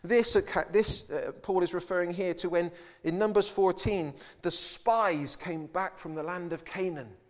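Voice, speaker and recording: High-voiced man preaching a sermon. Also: unhurried, few pauses. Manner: voices biblical figures in quoted speech, emphatic.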